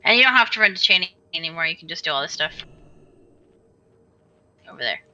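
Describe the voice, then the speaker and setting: A woman leading a game raid over voice chat, calmly walking her group through tactics step by step. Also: fairly low pitch, muffled recording. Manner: brisk, explains tactics step by step. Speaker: raid leader. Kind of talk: casual voice chat while gaming.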